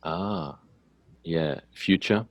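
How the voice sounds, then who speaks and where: An Australian man hosting a relaxed English-learning chat, laughing easily and filling pauses with ums. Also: low-pitched, no room sound. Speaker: English teacher and channel host. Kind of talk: casual conversational interview.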